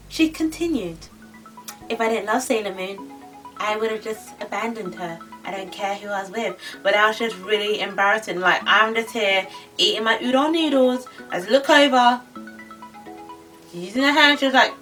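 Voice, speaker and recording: A young woman ranting in a casual vlog, exasperated and animated. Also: a little high, normal speed, far from the mic, faint music behind, rough recording. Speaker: vlogger.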